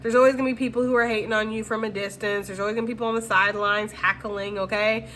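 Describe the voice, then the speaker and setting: Bright, chatty woman reading tarot. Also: medium pitch, steady tone, quick pace, slight background noise. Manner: chatty, slangy, reassuring, addresses viewers directly. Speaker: tarot reader. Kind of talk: casual tarot reading monologue.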